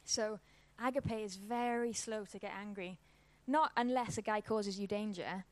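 A woman's voice: medium pitch, steady tone, measured pace, darkish tone, dry recording. A woman, giving an informal church talk and telling a personal story in a casual, conversational way. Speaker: church speaker.

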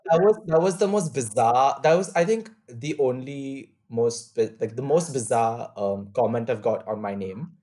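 A young man talks in a frank, easygoing way at a mid-range pitch. He sounds relaxed and conversational, quick to laugh along. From India. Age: young adult. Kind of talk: casual chat.

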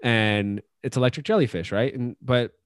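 A man's voice: mid-range voice, normal speed, smooth, no echo. A man chatting casually on a podcast, rambling a little with lots of fillers and restarts. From Austin, Texas. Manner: relaxed, rambling, many fillers. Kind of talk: casual chat.

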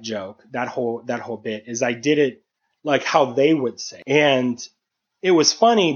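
A man's voice: mid-range voice, animated, moderate pace, dull audio. A man who works as a stand-up comedian, talking through his craft in a casual, analytical way with frequent restarts. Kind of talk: casual chat.

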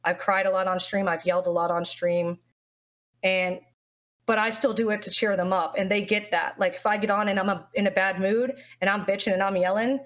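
A young woman, a streamer, talking candidly and with feeling in an interview, often restarting her sentences. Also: mid-range voice. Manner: candid, heartfelt, rambling with many restarts. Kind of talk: emotional interview talk.

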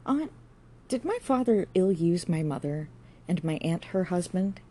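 An earnest, bookish young man, read by a woman, speaking in a raised, indignant voice with a warm, mellow tone. He sounds stung and proud, like a character from a classic audiobook. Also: medium pitch, very animated, normal speed, voice pushed up.

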